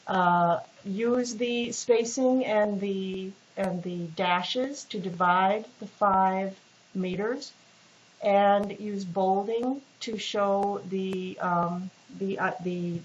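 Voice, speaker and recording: A woman instructor giving a casual, patient recorded lecture with many fillers and restarts. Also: mid-range voice. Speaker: literature instructor. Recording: dull lo-fi recording with faint hiss.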